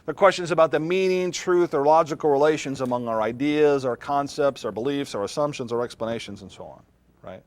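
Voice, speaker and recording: A man's voice: mid-range voice, fairly quick. A middle-aged man, a philosophy professor, lecturing a class in a classroom in a conversational way, often putting questions to his students.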